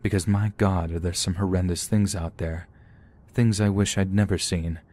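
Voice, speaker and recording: Deep-voiced man narrating horror stories. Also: fairly even intonation, moderate pace, warm tone. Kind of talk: scripted horror story narration.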